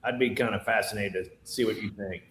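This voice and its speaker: A man's voice: fairly low pitch, steady tone, brisk, a bit bright, reverberant. A man hosting a casual livestream, joking and laughing easily as he talks. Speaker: show host.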